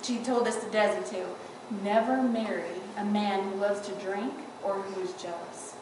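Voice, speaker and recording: Speaking at normal speed in a mid-range, fairly even voice, an adult granddaughter gives a personal eulogy for her grandmother. She tells humorous, loving stories in a tearful way and laughs a lot. The sound comes from far off in a large, echoing church, with a noisy background.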